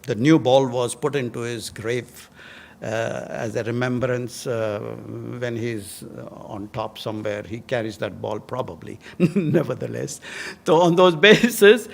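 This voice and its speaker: An older man with an Indian English accent, a guest speaker telling lively stories to students and chuckling at his own tales. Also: mid-range voice, measured pace, gravelly. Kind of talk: anecdotal talk to students.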